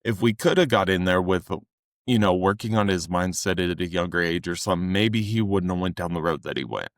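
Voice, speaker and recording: A young man with a fairly low voice talks earnestly on a casual podcast about coaching. He speaks close to the mic in a dry, dead room, and now and then he acts out quotes in a louder, higher voice. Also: fairly quick, dry recording. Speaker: fitness coach and podcast co-host.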